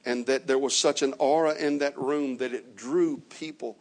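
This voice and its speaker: A man preaching a sermon, slowly retelling a story with many reported quotes and dramatic pauses. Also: medium pitch, fairly even intonation, darkish tone. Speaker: traveling preacher.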